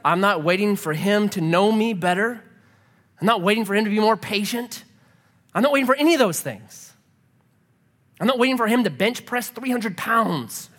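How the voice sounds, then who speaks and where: Animated high-voiced male pastor. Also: moderate pace. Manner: animated storyteller, acts out voices. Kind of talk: sermon with personal stories.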